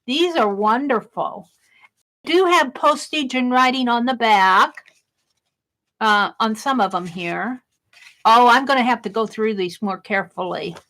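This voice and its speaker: A woman's voice: on the high side, measured pace, a bit bright. A woman hosting a casual crafting live stream, exclaiming over mail and greeting viewers in chat.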